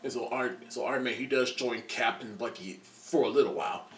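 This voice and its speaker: A man in his twenties giving a casual spoiler movie review, excited and rambling, with lots of restarts and laughter. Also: medium pitch, fairly quick. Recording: roomy echo, distant from the mic.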